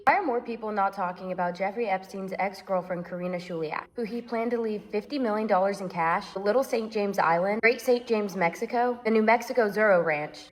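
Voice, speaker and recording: A woman's voice: medium pitch, big-room sound. A woman commentating and reading emails aloud, incredulous.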